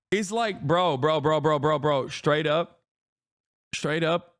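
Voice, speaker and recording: A man streamer giving casual reaction commentary in an animated, profane, mocking rant. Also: on the high side, no echo, clean studio sound.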